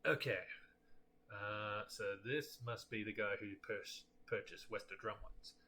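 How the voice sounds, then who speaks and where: A man's voice: on the low side, a little slow, sharp tone. A man casually musing aloud while playing a game. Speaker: game streamer.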